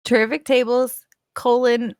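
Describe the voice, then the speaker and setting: A woman co-hosting a casual live stream, playful and quick to laugh. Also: on the high side, little pitch movement, a little mellow, dry recording, clean studio sound. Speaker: co-host and content creator.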